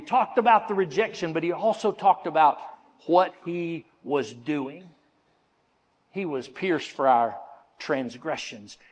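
A man preaching a sermon in earnest, slowing down and dropping to a near hush on key phrases. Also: sits high, big-room sound. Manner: earnest preaching, slows and drops to a hush for emphasis. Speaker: pastor.

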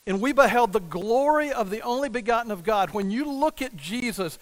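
A man's voice: very high-pitched, lively intonation, fairly quick, poor audio. An older man preaching a sermon, telling a family story and acting out the quoted dialogue. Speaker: pastor.

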